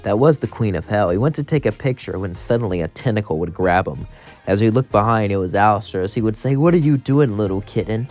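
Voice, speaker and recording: Guy narrating a fan fiction story, lowish voice, kinda run-on, soft music behind. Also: fast. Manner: run-on narration strung together with "as" and "would". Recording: faint music underneath.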